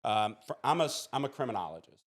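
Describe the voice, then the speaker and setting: A man in his forties from Mississippi, USA, a criminology professor and police officer, tells stories as a podcast guest in an interview. His mid-range voice moves fast with big pitch swings. He speaks earnestly and plainly, often restarting his sentences.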